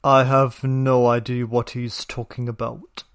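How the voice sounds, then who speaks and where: A man hosting a commentary video talks slowly, in a mocking, sarcastic tone. His voice sits at an ordinary pitch for a man. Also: little pitch movement, smooth.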